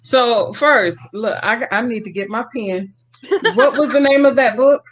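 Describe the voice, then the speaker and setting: A woman hosting an interview podcast, talking in a relaxed, encouraging way with frequent ums. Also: a little high, unhurried. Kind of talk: casual interview conversation.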